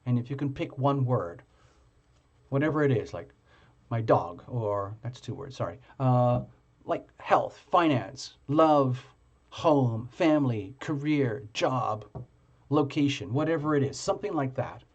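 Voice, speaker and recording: A man of middle pitch hosts a live tarot stream in casual, rambling chat, stopping and restarting his sentences often. The sound is a little dull and muffled, like ordinary live-stream audio. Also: animated, darkish tone. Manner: chatty, halting, many fillers and restarts.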